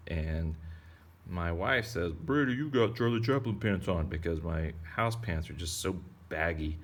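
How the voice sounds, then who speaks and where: A man's voice: sits low, vocal fry. A man teaching kids to draw whales in a rambling, playful way full of jokes. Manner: rambling, playful, joking asides. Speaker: drawing teacher. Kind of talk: casual drawing tutorial for kids.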